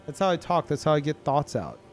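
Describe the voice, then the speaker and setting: A young man streaming games, tired and low on energy, rambling in casual chat with lots of swearing, ums and restarts. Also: big pitch swings, fast, soft background music. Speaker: game streamer.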